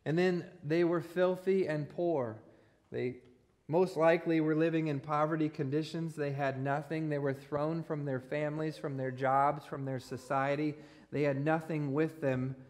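A man's voice: on the high side, steady tone, moderate pace, darkish tone. A man in his forties preaching a sermon in a church, telling a personal story with self-deprecating jokes and laughing at his own humor. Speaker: pastor. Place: church sanctuary.

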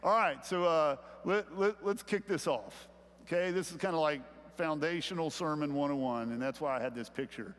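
High-voiced preacher in a big hall. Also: male voice, normal speed. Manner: animated preaching, rising louder on key points, frequent "okay?" check-ins. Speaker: pastor. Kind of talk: sermon. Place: church sanctuary.

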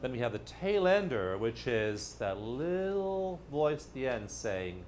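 A man's voice: mid-range voice, big pitch swings, a little slow, hardly any pauses, a little mellow, slight background noise. A man giving a casual, jokey teaching talk who acts out inner voices as he goes. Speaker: therapy method teacher. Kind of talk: casual explanatory video talk.

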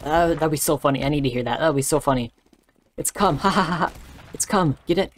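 A man with a hoarse, worn-down voice gives rambling, excitable live commentary while streaming a game from his room. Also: fairly high pitch, very fast. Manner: rambling and excitable, joking and laughing. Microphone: desk microphone.

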